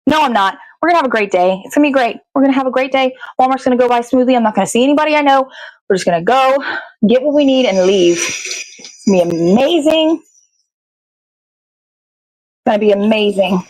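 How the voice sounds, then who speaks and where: A woman's voice: high-pitched, animated, rapid-fire, no room sound, low-quality recording. A woman hosting a morning show, chatting casually and rambling to herself as she bakes in her kitchen, swearing freely. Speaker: host. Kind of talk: casual chat while baking. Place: home kitchen.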